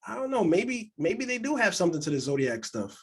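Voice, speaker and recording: A man's voice: sits high, sing-song, brisk, breathy edge. A man co-hosting a casual podcast, telling candid stories and acting out quotes in other voices. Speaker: podcast co-host.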